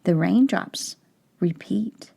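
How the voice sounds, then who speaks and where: Slow, gravelly woman reading to kids. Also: medium pitch, mellow. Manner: slow, clear, asks questions of child viewers. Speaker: teacher. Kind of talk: reading a picture book aloud to young children.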